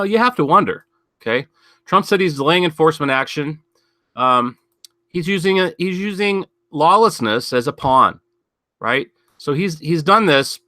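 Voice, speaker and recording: A man's voice: a little high, bright, forceful tone, dry recording, studio quality. A man hosting a casual news commentary show, rambling and sardonic, thinking aloud with many fillers and asides. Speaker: podcast host.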